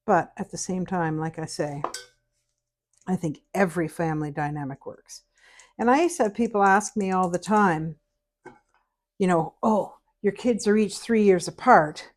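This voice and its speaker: A middle-aged woman from Canada, chatting casually while she teaches a cake recipe and hums to herself as she works. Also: on the low side. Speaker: cooking instructor. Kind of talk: casual cooking tutorial chat.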